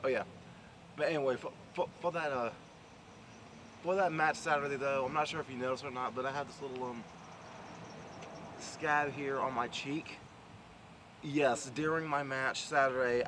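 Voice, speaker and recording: A man, chatting casually in a rambling way and restarting often, recording outdoors. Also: medium pitch. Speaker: vlogger and pro wrestler. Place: outdoors near traffic. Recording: outdoor street noise audible.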